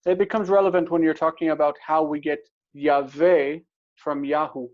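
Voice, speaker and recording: A man teaching a casual Hebrew grammar lesson, explaining step by step and repeating words slowly. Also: fairly high pitch, fairly even intonation. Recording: dull lo-fi recording.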